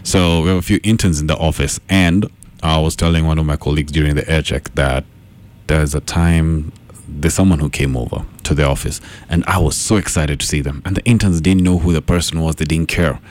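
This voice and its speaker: A man, working as a radio DJ and telling stories between songs in a playful, animated way. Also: rumbling low, brisk. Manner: animated storytelling, playful asides. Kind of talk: radio show chatter.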